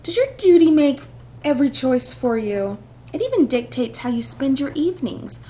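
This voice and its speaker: A spirited young heroine with a quick wit and a playful edge, as a woman reads her aloud. The voice sits fairly high, and a soft rumble hums in the background. It is a visual novel reading. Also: sing-song. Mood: witty.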